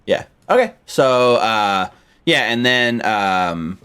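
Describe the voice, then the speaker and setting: A man's voice: lowish voice, animated, slow, fairly bright tone, clear, resonant tone. A man running a tabletop game over a voice call, narrating loosely and casually with lots of fillers and laughs. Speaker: game master.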